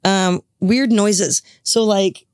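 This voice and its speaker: A woman's voice: medium pitch, very slow, clean tone, no echo. Chatty middle-aged woman, podcast co-host, laughs a lot, dry close sound. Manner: chatty, laughs often, animated storytelling. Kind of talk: casual chat.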